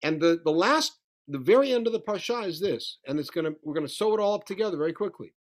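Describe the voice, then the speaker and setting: A man teaching a Bible study lesson, animated as he retells the story, reading Hebrew verses and translating them. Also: high-pitched, fast talker. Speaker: Torah teacher.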